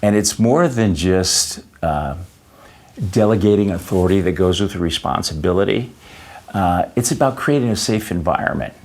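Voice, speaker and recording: A man answering an interviewer's questions in a halting way, with many fillers and restarts, often telling personal stories. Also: deep voice, expressive, a little mellow. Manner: anecdotal storyteller. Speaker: interview guest.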